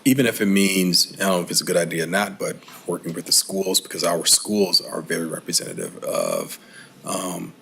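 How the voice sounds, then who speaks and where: Gravelly deep-voiced trustee, rambling. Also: male voice, expressive, moderate pace, sharp tone, slight background noise. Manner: rambling, searching for words. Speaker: township trustee. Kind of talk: comment at a board meeting. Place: township board meeting room.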